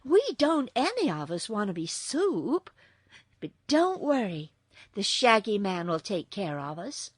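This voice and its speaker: A woman's voice: mid-range voice, very animated, measured pace, slightly rough, dry recording, clean studio sound. A woman reading a storybook, voicing a brave little girl who comforts her friends. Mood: soothing.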